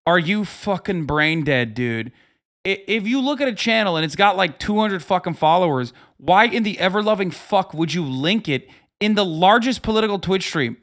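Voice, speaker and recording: Streamer in his thirties, reacting with profanity and exasperation; higher-pitched voice. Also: lively intonation, normal speed, a bit bright. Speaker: livestream host. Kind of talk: reaction commentary.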